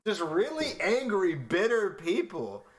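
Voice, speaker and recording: A man's voice: high voice, huge pitch swings, slow pace, slightly rough. A young man streaming, talking loosely in casual reaction commentary with lots of fillers. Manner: loose, rambling, filler-heavy.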